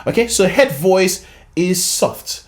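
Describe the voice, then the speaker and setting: A vocal coach giving an animated singing lesson, explaining with frequent "okay?" check-ins and chuckles, breaking into short sung demonstrations. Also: mid-range voice, slow.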